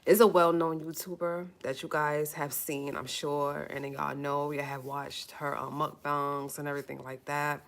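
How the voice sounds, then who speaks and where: A woman hosting a casual livestream, speaking to her viewers in an earnest, emotional way, repeating phrases and holding back tears. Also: low voice. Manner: earnest, pleading, conversational. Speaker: YouTube livestream host.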